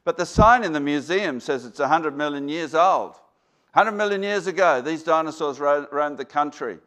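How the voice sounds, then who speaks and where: A man's voice: fairly high pitch, moderate pace, a bit bright. A man with an Australian accent, a guest speaker giving a rambling, folksy talk to an audience, full of fillers and restarts.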